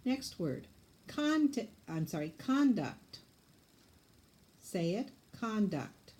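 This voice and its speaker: A woman teaching spelling, dictating words slowly and patiently and sounding them out letter by letter. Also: mid-range voice, big pitch swings, a little mellow.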